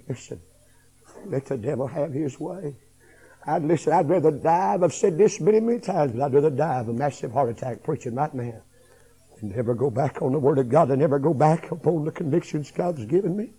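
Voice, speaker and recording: A middle-aged man preaching a revival sermon, swinging from hushed tones to shouting. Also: mid-range voice, fairly quick, husky, low-quality recording.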